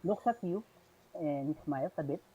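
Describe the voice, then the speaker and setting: A Filipino man running a tabletop game, narrating the action with plenty of ums and parangs as he switches between English and Tagalog. His voice sits a little high for a man. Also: expressive, moderate pace, mellow, husky, lo-fi sound. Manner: narrates with many fillers, mixing English and Tagalog. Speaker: game master.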